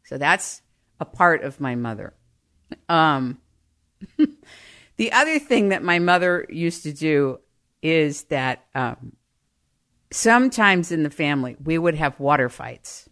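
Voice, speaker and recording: A woman telling personal family stories in an animated way, often laughing. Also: sits low, takes it slowly, long pauses. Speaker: storyteller. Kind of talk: personal storytelling monologue.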